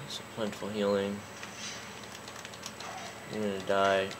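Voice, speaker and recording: A man's voice: fairly low pitch, fairly even intonation, a little slow, a little hiss or hum. A man commentating a game, cursing constantly and getting angry, with a sore throat. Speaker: gaming YouTuber. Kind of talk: let's play commentary.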